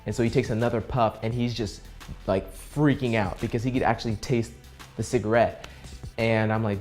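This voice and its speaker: A man's voice: on the low side, a little fast, faint music behind. Earnest young man telling a travel story. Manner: earnest, animated storyteller who acts out quoted dialogue. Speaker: vlogger. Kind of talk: casual travel vlog storytelling.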